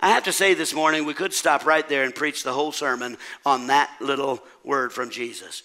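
A male pastor preaching an animated, dramatic sermon and quizzing his congregation. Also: medium pitch, normal speed, few pauses.

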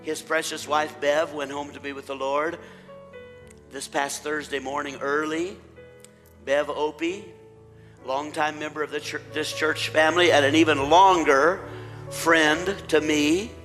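A middle-aged man leading a church service as pastor, praying and welcoming his congregation, his voice rising and growing louder when he rallies the room. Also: fairly high pitch, fairly even intonation, measured pace. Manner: warm pulpit delivery, rising loud when rallying the congregation. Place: church sanctuary. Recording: long church reverb with faint instrumental music.

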